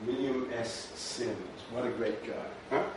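A man's voice: mid-range voice, fairly even intonation, measured pace. A man giving a history lecture in a rhetorical, conversational way, often checking in with "right?". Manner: rhetorical, frequent "right?" asides. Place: lecture room. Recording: very echoey room, distant mic, faint noise.

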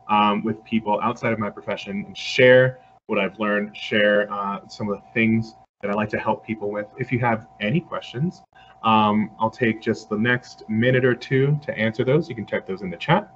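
A man's voice: lowish voice, moderate pace, a bit bright. A man from Puerto Rico giving an earnest, conversational online lecture and answering questions, with frequent fillers. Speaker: guest lecturer. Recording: slightly dull video-call audio with faint background noise.

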